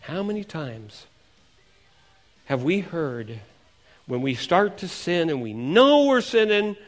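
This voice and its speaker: Male pastor with a high voice, animated sermon, faint music underneath. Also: slow pace. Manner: animated, asks the congregation questions.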